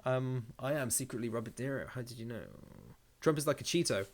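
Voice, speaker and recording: A man's voice: medium pitch, quick pace, a little hiss or hum. A man hosting a casual live stream, reading out viewer comments and joking around in a rambling way, swearing freely.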